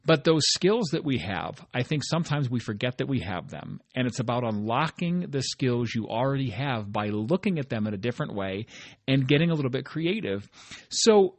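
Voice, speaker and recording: A man's voice: mid-range voice, big pitch swings, normal speed, dry recording. A man hosting a motivational solo podcast, talking conversationally and often checking in with "right?". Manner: conversational, often adds "right?" tag questions; earnest and encouraging. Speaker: podcast host.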